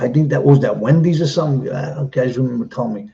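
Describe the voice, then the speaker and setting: A man's voice: mid-range voice, steady tone, normal speed, gravelly, warm tone, muffled recording, slight background noise. A middle-aged man chatting casually on a live stream, rambling and repeating himself as he talks.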